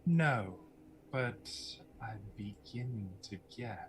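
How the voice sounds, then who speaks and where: A man voicing a scarred former queen who speaks in a soft, slow, menacing hush. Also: medium pitch, animated, slight background noise, poor audio.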